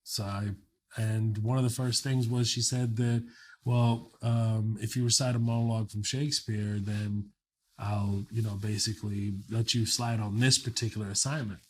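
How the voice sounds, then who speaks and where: A man's voice: lowish voice, little pitch movement, normal speed, slight background noise. A man in his late thirties, from Kuwait and raised in Texas, is a guest comedian telling a loose, profane story and laughing through it. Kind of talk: casual storytelling.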